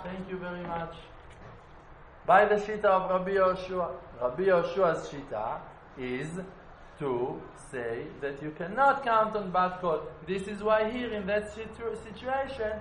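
A man's voice: high-pitched, slight background noise. Man teaching Talmud, roomy echo. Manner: animated, slipping into a chanting study singsong. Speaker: Torah teacher. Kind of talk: Talmud class. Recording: roomy echo, faint ambience.

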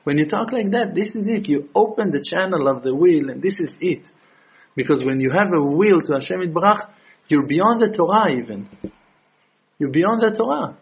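Gravelly, husky man preaching. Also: lively intonation, normal speed. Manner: impassioned, builds to high emphatic peaks. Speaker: religious teacher. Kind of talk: sermon. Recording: dull lo-fi recording.

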